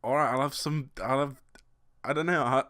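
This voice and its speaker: A young British man co-hosts a casual podcast, rambling through stories of his own awkward moments and laughing at himself often. His voice is medium-pitched, bright and forceful, with a steady tone and moderate pace, and he keeps the chat loose.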